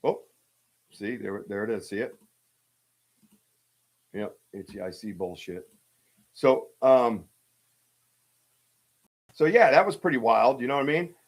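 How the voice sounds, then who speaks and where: Unhurried and prone to long pauses, a man with a mid-range voice tells a casual story on a live stream. He's a podcast host, and his telling wanders, with frequent fillers and restarts.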